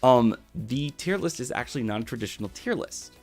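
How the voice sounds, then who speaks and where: Chatting excitedly on his live stream, a young VTuber gushes thanks to viewers, full of fillers and repetition. He speaks at medium pitch, animated and fairly quick, over faint background music.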